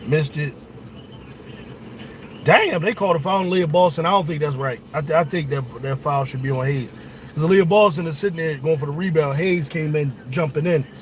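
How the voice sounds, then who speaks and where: Calling a basketball game live for viewers, this young sports show host gives casual watch-along commentary that is excitable, profane and aimed straight at his audience. His voice is a little high and his speed normal, with a faint hiss underneath.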